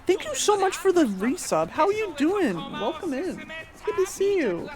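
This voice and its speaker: A woman streaming a game live, excitable and giggly as she chats with viewers and greets them. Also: very high-pitched, moderate pace. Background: game music.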